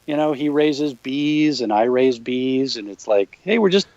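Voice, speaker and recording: A man in a casual podcast chat, speaking at a middling pitch in an easygoing, anecdotal way. His voice is dry and close to the mic, with a slightly dull, lo-fi sound. Fillers and restarts fill his telling. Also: a little slow, dry recording. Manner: relaxed storyteller, frequent fillers, slips into impressions. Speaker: podcast guest.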